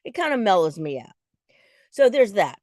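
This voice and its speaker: A woman's voice: medium pitch, big pitch swings, moderate pace, a little mellow, no echo, clean studio sound. A woman in her forties chatting in a casual vlog, restless and self-deprecating, with lots of fillers. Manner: talks in restless bursts with many fillers. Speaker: vlogger.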